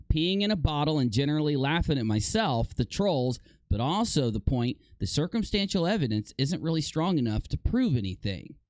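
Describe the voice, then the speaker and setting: Lively sarcastic male streamer. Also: fairly high pitch, no room sound. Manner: sarcastic, animated, laughs at himself. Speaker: live streamer. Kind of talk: casual live-stream commentary.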